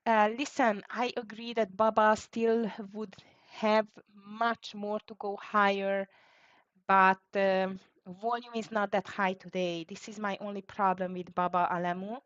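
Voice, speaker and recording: A woman's voice: medium pitch, little pitch movement, a little slow, no room sound. Fretful woman calling live trades. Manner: fretful, thinking aloud, calling out prices. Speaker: live trading stream host. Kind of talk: live market commentary. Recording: dry, dull lo-fi sound.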